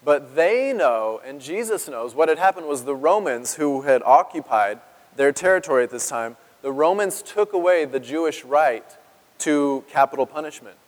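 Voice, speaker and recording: A man's voice: fairly high pitch, lively intonation, moderate pace, long reverb tail. A man preaching a sermon as pastor, talking conversationally and asking his congregation questions. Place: church sanctuary.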